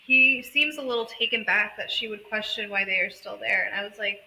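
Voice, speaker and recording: A woman's voice: a little high, moderate pace, hardly any pauses, sharp tone, a little hiss or hum, poor audio. A woman co-hosting a casual book podcast, animatedly retelling a story and acting out the characters. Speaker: podcast co-host.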